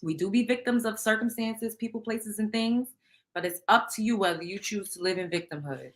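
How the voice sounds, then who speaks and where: A woman hosting a show, chatting casually with viewers and reading out tarot cards in a loud, animated, profane way. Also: mid-range voice, fairly quick. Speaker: show host.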